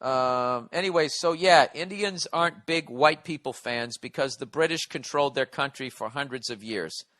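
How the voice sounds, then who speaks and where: A man's voice: mid-range voice, normal speed, a bit bright, no echo, studio quality. A man in his forties hosting a podcast, rambling through a profane comedic monologue while on cold medicine and reading listener letters aloud. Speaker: podcast host.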